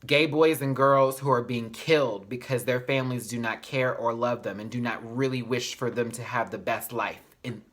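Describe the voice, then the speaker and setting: A man's voice: medium pitch, fairly even intonation, moderate pace, few pauses, a bit bright. A man reviewing a reality show in a casual vlog. He talks in a sassy, emphatic way, often says y'all, and speaks openly about his feelings.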